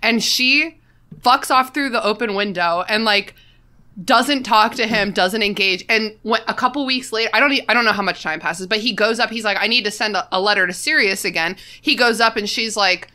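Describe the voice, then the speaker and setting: Young woman podcast co-host; bright, animated chatter, salty language. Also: a little high, normal speed. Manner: animated, laughing, swears freely. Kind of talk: casual podcast chat.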